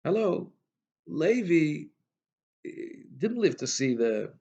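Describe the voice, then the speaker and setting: A man's voice: fairly high pitch, sing-song, slow, vocal fry, mellow, muffled recording. A man teaching a Torah class as a rabbi, posing questions and emphatically restating verses, with many restarts. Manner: questioning, emphatic, frequent restarts and Hebrew terms.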